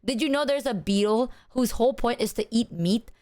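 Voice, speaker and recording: A woman livestreamer chatting casually to her viewers, her voice sitting a little higher than most. She tells stories with plenty of animation, playing out both sides of each exchange. She swears freely as she goes. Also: fairly quick. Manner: animated storytelling, acting out both sides of a conversation. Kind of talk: casual chat.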